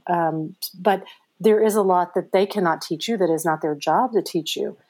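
A middle-aged woman, an author being interviewed, telling her story in a chatty, animated way with many fillers. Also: on the low side, moderate pace. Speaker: author guest. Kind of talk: conversational interview answers.

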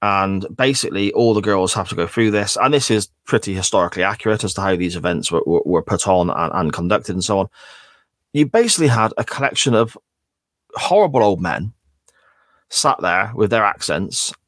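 A man co-hosting a podcast, calmly retelling the story step by step. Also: fairly low pitch, a little fast, dry recording, clean studio sound. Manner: steady, methodical retelling with small restarts. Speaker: podcast co-host. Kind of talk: casual recap chat.

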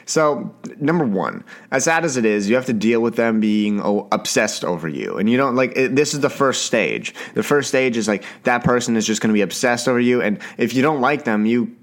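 A young man from Canada hosting a solo podcast in a casual chatty way, talking fast, stumbling over words and swearing now and then. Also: mid-range voice, expressive. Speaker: podcast host.

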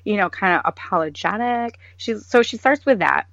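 A woman's voice: medium pitch, lively intonation, moderate pace, gravelly, fairly bright tone, no echo. A woman in her thirties co-hosting a podcast, telling a story in casual chat and mimicking others in quoted voices. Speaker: podcast co-host. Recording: dull lo-fi sound.

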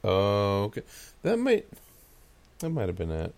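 Laid-back male co-host, slow, gravelly, low, with a lively swinging pitch. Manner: laid-back, laughing, sarcastic asides. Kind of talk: casual chat.

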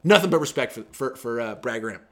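A man's voice: mid-range voice, fast talker. A young man, a sports writer guest, chatting casually on a podcast and acting out quoted players. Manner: animated, acts out quoted players with big loud jumps.

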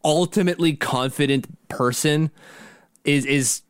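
A man's voice: a little high, measured pace, smooth, no room sound, clean studio sound. A man co-hosting a sports podcast in casual chat, rambling with many restarts. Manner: rambling, frequent restarts and laughs. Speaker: podcast co-host.

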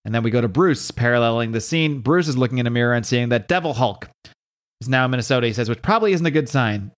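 A man's voice: medium pitch, expressive, fast. A man casually reading through a comic book, rambling, joking and correcting himself as he goes. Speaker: comic book recap host.

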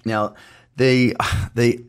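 A man's voice: mid-range voice, flat delivery, extremely slow, clean tone. A man with an Australian accent hosting a casual, chatty market commentary podcast from his office, with playful asides. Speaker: podcast host. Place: home office. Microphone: webcam setup.

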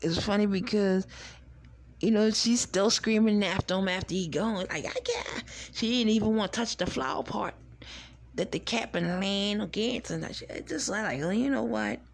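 A woman's voice: mid-range voice, moderate pace. A woman hosting a podcast, telling rambling, laid-back childhood stories in casual talk. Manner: rambling, laid-back, swears and laughs while reminiscing. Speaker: podcast host. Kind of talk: casual storytelling monologue.

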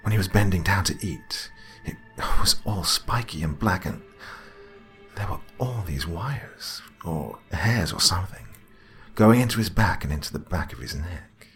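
A man with a very deep voice voicing a frightened teenage girl who halts and trails off as she speaks. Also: lively intonation, fairly bright tone, soft background music, exaggerated voice. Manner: halting, trailing off, fearful.

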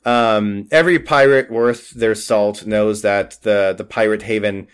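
A man's voice: fairly low pitch, measured pace, smooth. Laid-back man running a tabletop game. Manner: relaxed, rambling narration with fillers and laughs. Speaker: game master.

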